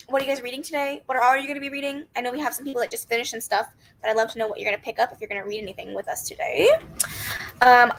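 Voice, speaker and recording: A woman's voice: high-pitched, sharp tone, poor audio. A woman hosting a casual book livestream, chatty and upbeat, greeting viewers and answering their comments. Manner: upbeat with frequent laughs and squeals. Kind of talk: casual live-stream chat.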